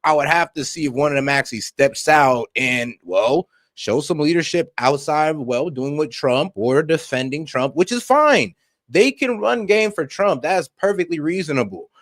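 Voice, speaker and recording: A man doing casual reaction commentary on political news, animated and joking, laughing at his own asides. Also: fairly high pitch, normal speed, no room sound.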